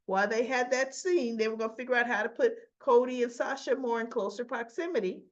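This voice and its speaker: A woman's voice: fairly high pitch, fairly quick, muffled recording. A woman casually recapping a soap opera episode, retelling scenes in a chatty way with frequent restarts and asides.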